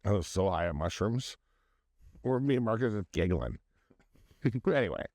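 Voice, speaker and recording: A man's voice: lowish voice, very animated, moderate pace, a little mellow, no echo, clean studio sound. A man in his thirties co-hosting a casual drinking podcast, telling profane, giggly stories. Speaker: podcast co-host.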